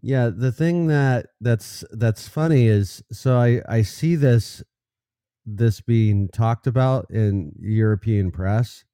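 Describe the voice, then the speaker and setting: A man co-hosting a live news show, reading headlines with halting restarts and a sarcastic edge. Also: medium pitch, mellow, smooth, no room sound, studio quality. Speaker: co-host. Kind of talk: casual live news chat.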